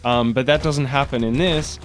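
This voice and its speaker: A man's voice: mid-range voice, moderate pace, faint music behind. A man who is sick and sounds nasal, chatting casually over gameplay as a channel host. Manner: chatty, rambling.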